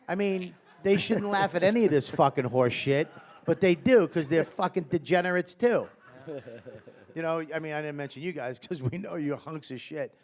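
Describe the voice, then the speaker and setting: A middle-aged man riffing onstage as a guest comedian, with a fairly high-pitched voice. He rambles, swears constantly and runs himself down in a loose, self-deprecating way. It's a live show with an audience present. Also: moderate pace. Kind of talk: live podcast chat. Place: live comedy festival stage before an audience.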